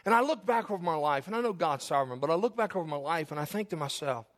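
A pastor preaching in church with a high, bright-edged voice. He swings from loud, emphatic declarations down to hushed, close asides. His delivery is lively and conversational. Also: fast. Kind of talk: sermon.

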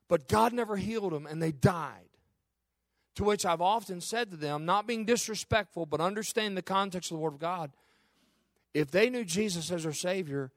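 A man's voice: high voice, a little fast, dry recording, studio quality. A middle-aged man, a pastor preaching a sermon with impassioned, repetitive phrasing.

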